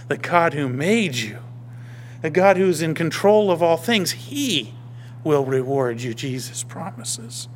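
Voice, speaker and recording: A male pastor preaching a sermon, emphatic, swinging between raised declarations and hushed whispers. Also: a little high, sing-song, takes it slowly, a little hiss or hum.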